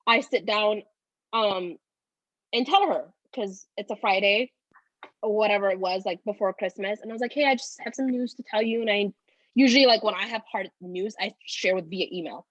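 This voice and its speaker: A woman's voice: mid-range voice, normal speed, no echo, muffled recording. A woman in her twenties, teary and rambling, telling a personal story with many "like"s. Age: 20s. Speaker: guest.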